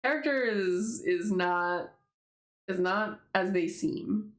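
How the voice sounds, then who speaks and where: A woman's voice: mid-range voice, takes it slowly. A woman casually commenting as she reads her own comic aloud, rambling, swearing and laughing in asides. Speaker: webtoon creator. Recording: roomy echo.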